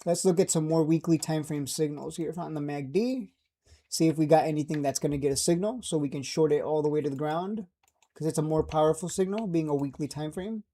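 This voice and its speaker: A man's voice: fairly high pitch, brisk, warm tone. Brash, joking stock market streamer man. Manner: brash, joking, laughs at own jabs. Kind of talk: casual market commentary.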